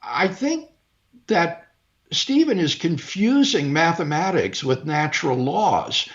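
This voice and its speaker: A man argues in a debate in a measured, academic and emphatic way, and his pitch rises and falls a lot. His voice sits a little high for a man. The clip is dull and lo-fi. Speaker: philosopher in a debate. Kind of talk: debate discussion.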